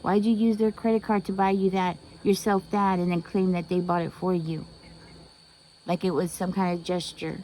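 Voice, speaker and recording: A woman's voice: on the low side, little pitch movement, moderate pace, dark tone, slight background noise, low-quality recording. A woman giving a tarot reading, talking emphatically, repeating herself and asking rhetorical questions. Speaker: tarot reader.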